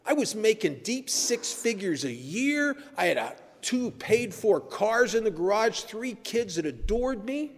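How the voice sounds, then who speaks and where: A puzzled, well-off man lists everything he had, still at a loss, voiced by a man in his own fairly high register. The words ring out in a long, echoing hall. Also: big pitch swings, unhurried, hardly any pauses, heavily acted. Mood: baffled. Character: baffled relapsed man, prosperous and puzzled. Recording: echoey hall.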